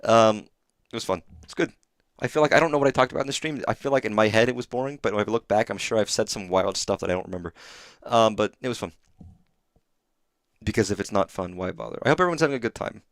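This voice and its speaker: Male streamer, low voice, sleepy and rambling, profane, dry sound. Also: no room sound. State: exhausted, sleepy. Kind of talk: live gameplay commentary.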